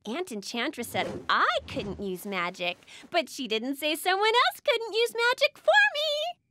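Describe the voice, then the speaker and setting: A woman's voice: very high-pitched, sing-song, measured pace, noisy background, heavily acted. A woman voicing a jealous, bossy teenage witch girl in a cartoon, whiny and pushy. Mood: scheming. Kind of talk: cartoon voice acting.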